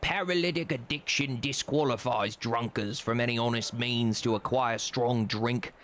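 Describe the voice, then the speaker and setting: A man's voice: mid-range voice, normal speed, a bit bright, a little hiss or hum, natural voice. An actor voicing a dry, observational male protagonist in a game. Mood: wry.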